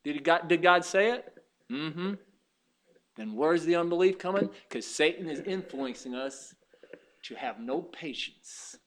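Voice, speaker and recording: A male pastor preaches to his church, his voice bright and fairly high, rising into sharp, loud peaks when a point lands. He moves between hushed, confiding asides and exclaiming bursts as he tells a story. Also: expressive, unhurried. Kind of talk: sermon.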